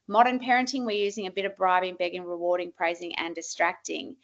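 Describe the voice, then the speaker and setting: A woman, a parenting expert, giving a lively, emphatic presentation to parents. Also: mid-range voice, highs cut off.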